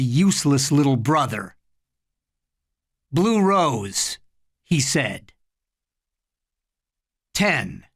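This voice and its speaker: A storyteller giving a slow, dramatic reading of horror fiction. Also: mid-range voice.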